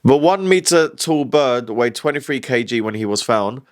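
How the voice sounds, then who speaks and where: A man's voice: medium pitch, expressive, normal speed. Wry man hosting a comedy news show. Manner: wry, chatty, laughs at his own jokes.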